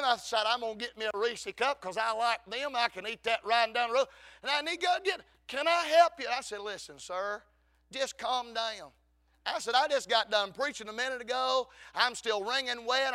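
A man, preaching a fervent Baptist sermon with shouted lines and frequent calls of amen. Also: very high-pitched, normal speed. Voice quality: gravelly.

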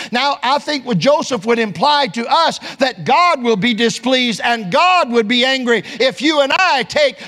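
High-voiced preacher. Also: male voice, a bit bright. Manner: folksy preaching, quotes scripture in King James wording, rises in pitch for emphasis. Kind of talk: sermon.

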